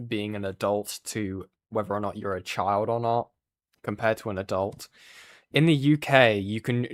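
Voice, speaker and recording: A man's voice: fairly low pitch, no echo. A man hosting a livestream, commenting casually with swearing and exasperated asides. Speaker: streamer host.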